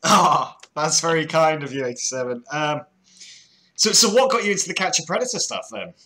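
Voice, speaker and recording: A British man hosts a live call-in show with a bright, forward voice. He chats loosely and laughs easily, often doubling up his words as he goes. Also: fairly high pitch, expressive, brisk. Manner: chatty, laughing, stumbles over repeated words. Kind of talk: casual chat with a caller.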